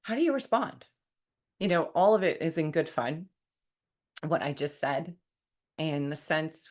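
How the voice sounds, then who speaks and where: A woman hosting a solo podcast, talking in a wry, conversational way and mock-quoting what people say. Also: low-pitched. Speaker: podcast host.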